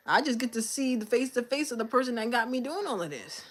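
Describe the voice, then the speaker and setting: A woman's voice: on the high side, animated, fast talker, few pauses, a bit bright, husky. A young woman hosting a casual livestream, talking candidly and venting in a loose, conversational way. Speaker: livestream host. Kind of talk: casual live-stream chat.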